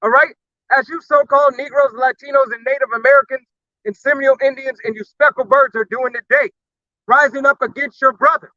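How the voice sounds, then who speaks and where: A man's voice: very high voice, steady tone, fairly quick, sharp tone, dry recording, highs cut off. A man preaching a fiery sermon, blunt and profane, punctuating every point with a challenging "all right?". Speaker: street preacher.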